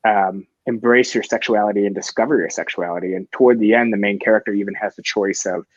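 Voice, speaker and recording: A man's voice: fairly low pitch, steady tone, fast, dry recording. Eager, rambling man on a comics talk show. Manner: enthusiastic, rambling with restarts. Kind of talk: casual chat. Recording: dry, dull lo-fi sound.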